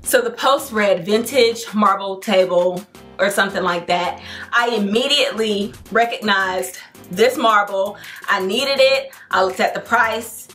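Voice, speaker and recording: A young adult woman hosting a home decor vlog, telling a story to camera in an excited, chatty, slangy way. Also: mid-range voice, measured pace, soft background music. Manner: excited, chatty and slangy, addresses viewers as y'all.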